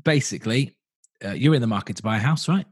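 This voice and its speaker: A man's voice: mid-range voice, lively intonation, fast, husky, no echo. A man with a southern English accent co-hosting a podcast, chatting casually and teasing, with lots of hesitant fillers. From southern England. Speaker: podcast co-host. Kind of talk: casual chat.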